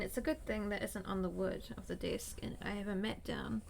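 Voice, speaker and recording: A woman's voice: mid-range voice, fairly even intonation, fairly quick, gravelly, a little hiss or hum. A young woman livestreamer chatting casually with her viewers from her desk at home, playful and giggly, with cutesy baby-talk phrasing. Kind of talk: casual chat with stream viewers.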